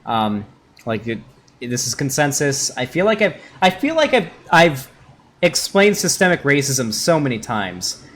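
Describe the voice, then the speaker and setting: A man's voice: medium pitch, big pitch swings, measured pace, a bit bright, slight background noise. A man doing casual live-stream commentary on a video, rambling and sarcastic, with frequent swearing.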